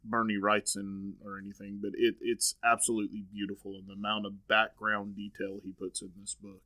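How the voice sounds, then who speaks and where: A man's voice: on the low side, monotone, brisk, sharp tone. A man co-hosting a casual comics podcast, emphatic and joking. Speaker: podcast co-host.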